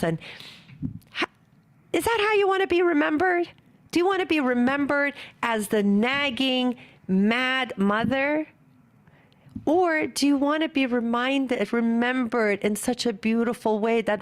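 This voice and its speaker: A middle-aged woman giving an earnest, animated conference talk on parenting, acting out parents and children as she goes. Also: sits high, measured pace. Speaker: parenting speaker.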